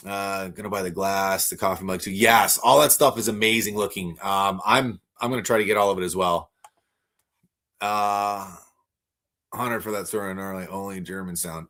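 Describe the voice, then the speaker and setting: A man hosting a live toy unboxing stream, gushing with excitement and often stumbling over his words as he reads viewer comments. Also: on the low side, normal speed. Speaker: toy collector livestream host.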